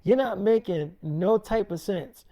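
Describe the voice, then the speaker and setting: A man's voice: sits high, measured pace, dull audio. A man voicing an exasperated middle-aged mother who scolds bluntly and curses. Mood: scolding. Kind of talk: casual spoken story.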